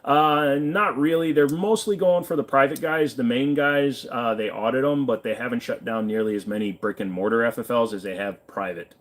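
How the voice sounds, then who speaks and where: A man's voice: medium pitch, steady tone, moderate pace, hardly any pauses. Man, from Virginia, casual live Q&A host, offhand, cusses, mid-range voice. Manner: offhand, swears freely, reads out chat questions. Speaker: streamer answering live chat. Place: friend's pawn shop.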